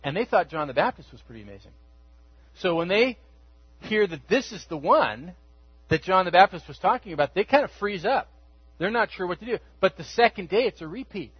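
A man's voice: sits high, sing-song, fairly quick, husky, dry recording, dull audio. A man preaching a sermon as pastor, telling the story conversationally and acting out the quotes.

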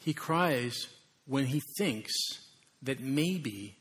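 A man preaching a sermon in an animated way, acting out voices and rising suddenly in volume. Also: mid-range voice, extremely slow, slightly rough. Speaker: pastor.

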